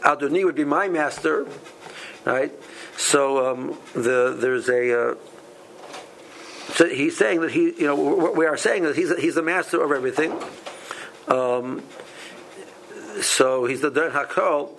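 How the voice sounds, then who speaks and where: Halting man teaching a Torah class. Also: on the high side, gravelly, fairly bright tone, slight background noise, poor audio. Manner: halting, many restarts and repeated words. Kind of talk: halachic lesson.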